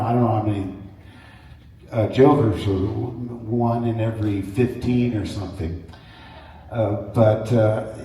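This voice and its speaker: A man speaking as a guest on a convention panel, telling stories in an animated way, acting out voices and laughing often. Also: mid-range voice. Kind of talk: anecdotal storytelling to an audience. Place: large convention hall. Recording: echoey hall from far off.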